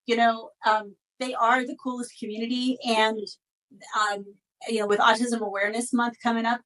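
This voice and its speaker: A woman hosts a casual interview, cheering on her guest in an upbeat, encouraging way. Her voice sits a little high. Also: level tone, normal speed, a bit bright, low-quality recording. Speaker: interview host, company founder.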